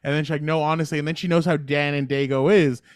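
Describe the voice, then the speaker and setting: A man's voice: fairly high pitch, steady tone, quick pace, no room sound, studio quality. A man in his thirties co-hosting a podcast, chatting casually, rambling and laughing easily. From Latino American. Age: 30s. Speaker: podcast co-host. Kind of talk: casual chat.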